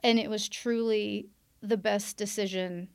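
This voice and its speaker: Woman telling her own story, earnest, acts out her old self in quotes, mid pitch. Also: fairly even intonation, measured pace, creaky, a little mellow, smooth. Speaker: guest sharing her story. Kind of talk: candid personal testimony.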